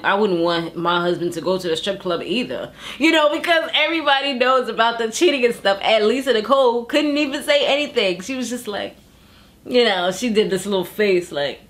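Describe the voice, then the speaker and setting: A woman's voice: medium pitch, a bit bright. Laughing chatty woman, slangy reality tv recap. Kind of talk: casual chat.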